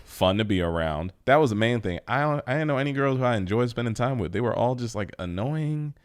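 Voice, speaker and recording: A man's voice: medium pitch, expressive, a little fast, no echo, studio quality. A man co-hosting a podcast who talks in casual, teasing banter. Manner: teasing, laid-back banter. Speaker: podcast co-host. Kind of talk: casual chat.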